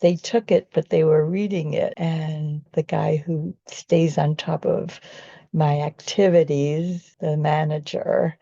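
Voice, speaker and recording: A woman's voice: sits low, fairly even intonation, slow, creaky, dark tone, dry recording, highs cut off. A woman and vegan activist telling a personal story in an earnest, rambling way, often restarting her sentences.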